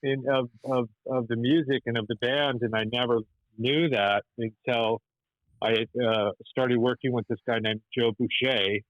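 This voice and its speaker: On a dry, muffled recording, a man speaks in a mid-range voice with fairly even intonation, a little slowly. He's a podcast guest doing casual storytelling, rambling along, restarting often and checking in with "right?"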